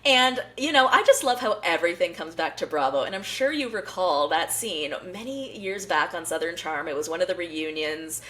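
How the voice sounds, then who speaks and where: A woman's voice: on the low side, animated, moderate pace, hardly any pauses, bright, forceful tone, a little hiss or hum. A woman hosting a podcast in casual pop-culture chat, chatty and full of fillers. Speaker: podcast host.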